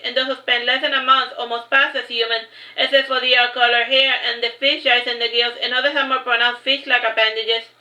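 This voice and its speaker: A woman reading her own first-person story aloud, in a steady read-aloud manner with occasional slips. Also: high-pitched. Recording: echoey room, slightly dull lo-fi sound.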